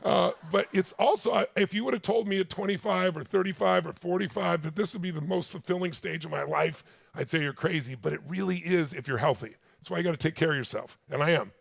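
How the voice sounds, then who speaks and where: A man's voice: sits high, fast talker, gravelly, no room sound. A man in his sixties giving a motivational seminar talk, telling stories intensely and speaking straight to his audience. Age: 60s. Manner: intense storytelling, addresses the audience directly. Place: large stage with live audience.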